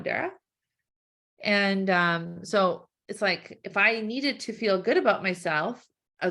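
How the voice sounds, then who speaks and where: Animated woman coach with gasps. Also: mid-range voice. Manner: animated, acts out quick quoted thoughts with gasps; conversational, frequent "like" and "right?". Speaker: weight-loss coach. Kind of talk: webinar teaching.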